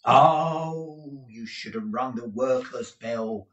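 A man voicing an insolent, grinning male footman who talks in a mocking, drawn-out way. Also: medium pitch, fairly bright tone, dull audio, voice pushed up. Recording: roomy echo.

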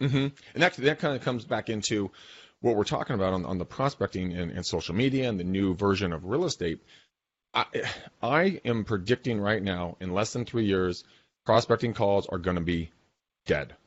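A man co-hosting a podcast, talking in animated, emphatic casual business chat and swearing now and then. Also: lowish voice, moderate pace, no room sound, highs cut off. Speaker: podcast co-host.

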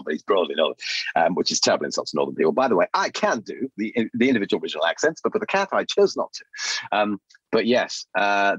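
Male podcast guest, low raspy voice, animated storyteller, lo-fi dry line. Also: no room sound. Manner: lively, animated storytelling with quick voice changes. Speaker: guest, puppeteer and voice artist. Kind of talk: casual interview chat. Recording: dull lo-fi dry sound.

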